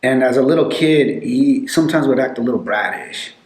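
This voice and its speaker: A man's voice: mid-range voice, a little fast. Rambling man telling stories in an echoey room. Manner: rambling, animated storytelling with many fillers. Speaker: podcast guest telling stories. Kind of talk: casual storytelling.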